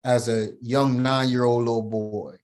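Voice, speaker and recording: A middle-aged man speaks as a podcast guest, emphatic and heartfelt. His voice sits in an ordinary middle pitch, and he keeps punctuating his story with "right?" and "man". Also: little pitch movement, unhurried, darkish tone. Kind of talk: personal storytelling in an interview.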